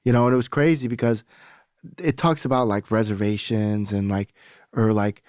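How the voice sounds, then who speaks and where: A man's voice: on the low side, fairly even intonation, normal speed, a little mellow, clean tone, dry recording, clean studio sound. A young adult man, a podcast guest, telling a candid personal story in casual talk, swearing freely and acting out the voices of people he quotes.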